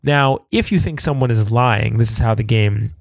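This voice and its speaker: A man's voice: mid-range voice, normal speed, vocal fry, no room sound. A man co-hosting a podcast, explaining game rules in casual chat, rambling with lots of fillers and restarts. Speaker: podcast co-host.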